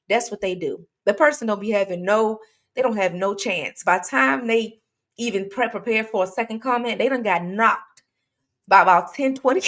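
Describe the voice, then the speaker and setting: This true crime livestream host has a mid-range voice and talks casually and directly to her viewers. Her speech is chatty and rambling, packed with fillers and restarts, and she reads comments out loud.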